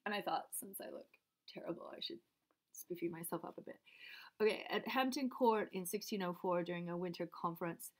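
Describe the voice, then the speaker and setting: A woman's voice: on the low side, brisk. Congested woman rambling while reading. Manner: drifts between reading aloud and chatty asides. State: congested from a cold. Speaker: vlogger reading her father's papers. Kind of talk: casual rambling talk and reading aloud.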